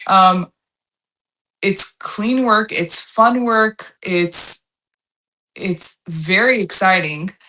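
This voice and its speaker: A woman's voice: medium pitch, bright, forceful tone. A woman guest on a podcast, talking candidly and with emphasis in casual chat. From Armenian heritage. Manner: candid, emphatic, drawn-out phrasing. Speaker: podcast guest, slot content creator.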